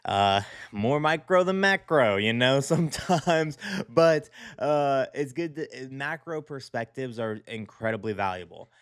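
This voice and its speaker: A man's voice: medium pitch, expressive, unhurried, a bit bright, clean tone, no room sound. A man hosting a design show, chatting casually and rambling with many fillers and restarts. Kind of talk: casual commentary on design work.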